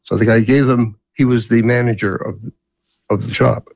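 A man's voice: mid-range voice, steady tone, normal speed, gravelly, darkish tone. A man in his seventies who grew up in Canada, telling family stories as an interview guest in a rambling way with many fillers. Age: 70s. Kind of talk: storytelling in a casual interview.

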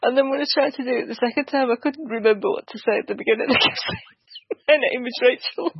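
A woman's voice: on the high side, fast, husky, dry recording. A woman in a casual chat, giggly and self-deprecating. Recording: dry, dull lo-fi sound.

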